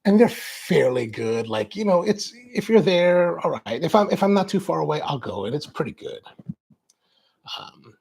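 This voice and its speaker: Gravelly, husky man rambling casually. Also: a little high, very animated, normal speed, darkish tone. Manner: rambling, tangential, many restarts. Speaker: coffee show host. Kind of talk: casual chat.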